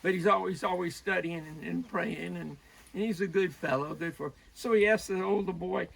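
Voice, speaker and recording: A man telling a long, rambling joke in a halting way, often restarting and laughing at himself. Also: sits high, gravelly, fairly bright tone, low-quality recording.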